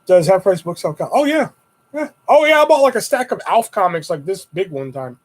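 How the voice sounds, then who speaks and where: A young man hosting a casual livestream, rambling and swearing as he tells animated stories and jumps up high when he quotes himself. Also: brisk, poor audio. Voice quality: profane, rambling storyteller. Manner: animated retelling with high-pitched quoted exclamations. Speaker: livestream host. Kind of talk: casual live-stream chat.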